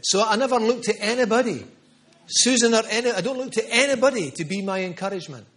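A man's voice: high-pitched, quick pace, a bit bright. A middle-aged man preaching a charismatic sermon with prophetic words, fervent and emphatic, repeating phrases for stress. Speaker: pastor.

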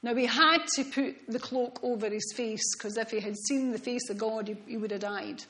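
A woman preaching a sermon in an earnest, reflective way, often dropping to soft, hushed tones. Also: on the high side, normal speed, rough recording.

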